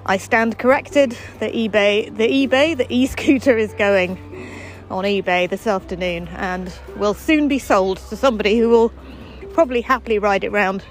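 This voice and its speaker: A woman hosts a daily walking podcast, delivering a casual, chatty monologue outdoors on a footpath with wry, self-deprecating humor. Her mid-range voice moves at a normal speed, with faint music behind her on a low-quality recording.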